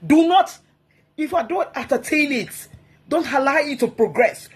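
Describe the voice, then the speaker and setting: A woman speaks as a guest on a talk program. She exhorts her listeners in a forceful, preachy way and repeats key phrases to drive her points home. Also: high-pitched, expressive, moderate pace. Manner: emphatic, exhorting, repeats herself.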